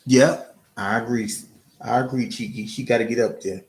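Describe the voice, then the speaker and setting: A man's voice: medium pitch, fairly even intonation, normal speed. A man streaming live, giving casual, earnest encouragement to his chat, often restarting and repeating words. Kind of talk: casual motivational talk.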